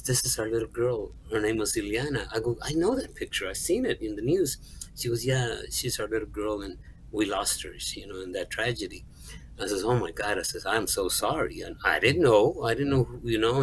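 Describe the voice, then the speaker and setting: A middle-aged man, a songwriter and music store manager, tells a personal story in an interview in an earnest, halting way, repeating words and acting out the dialogue he quotes. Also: on the low side, a bit bright, slight background noise, low-quality recording.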